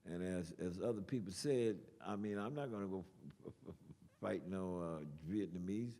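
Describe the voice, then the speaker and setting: An older man with a lowish voice spins a lively, salty story for an audience, punctuating it with sound effects. His words trail off into a long hall reverb. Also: moderate pace. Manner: animated storyteller, swears and makes sound effects. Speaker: guest speaker. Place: lecture hall.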